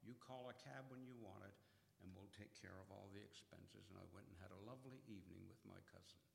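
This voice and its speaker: An older man recounts his story with quiet earnestness, voicing each remembered exchange. His voice sits fairly low and has a gravelly edge. He sounds as though he is in an echoey hall, with a faint rumble underneath. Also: fairly quick. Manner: earnest storyteller acting out quoted dialogue. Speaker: speaker giving a personal testimony. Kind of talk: personal testimony storytelling.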